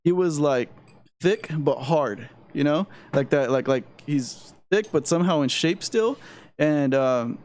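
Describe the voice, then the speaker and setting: A young man spins a loose, profane story on a podcast, slipping now and then into quick impressions of the people in it. His voice sits a little high for a man. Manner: animated storyteller, swears freely, acts out quoted voices. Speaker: podcast co-host. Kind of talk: casual chat, storytelling.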